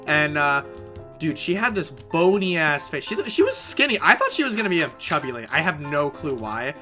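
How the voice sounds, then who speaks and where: Animated, bright-voiced man telling a story. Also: fairly high pitch, normal speed, faint music behind. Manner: animated, swears freely, restarts mid-sentence. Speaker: live streamer. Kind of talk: casual storytelling while gaming.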